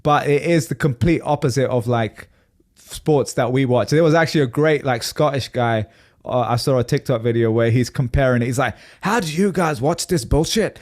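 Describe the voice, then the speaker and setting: A man's voice: mid-range voice, fairly even intonation, brisk, a little mellow. A man co-hosting a podcast in casual chat, talking at length and laughing easily. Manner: chatty and rambling, laughs easily. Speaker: podcast co-host.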